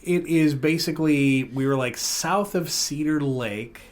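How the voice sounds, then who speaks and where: A man's voice: fairly high pitch, a little slow. A man hosting a podcast, chatting casually and telling stories with plenty of fillers and restarts. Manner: rambling, animated storytelling with fillers and laughs. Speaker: podcast host. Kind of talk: casual chat.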